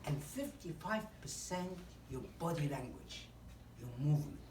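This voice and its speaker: A woman's voice: low-pitched, animated, measured pace, a little mellow, slight background noise. Woman coaching public speaking, far off. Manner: demonstrative, acts out examples, frequent "you know". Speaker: public speaking workshop trainer. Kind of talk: instructional talk to a live group. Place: meeting room. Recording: roomy echo, distant mic, faint ambience.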